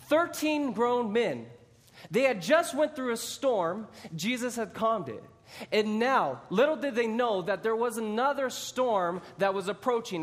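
A man preaching a sermon, retelling a Bible story with animated storytelling and dramatic re-enactments. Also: extremely high pitch, long reverb tail.

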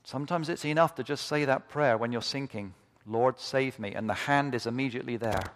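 Male pastor, mid pitch, unhurried, fervent sermon delivery, big reverberant sanctuary sound. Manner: impassioned, rising to fervent repeated cries. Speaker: preacher. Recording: long reverb of a large hall.

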